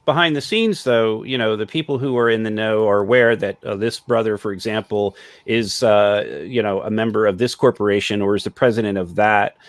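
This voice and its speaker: A man's voice: fairly low pitch, fairly even intonation, a little fast, hardly any pauses, no room sound. A man in casual livestream discussion, explaining at length with many fillers and small laughs, over a video call.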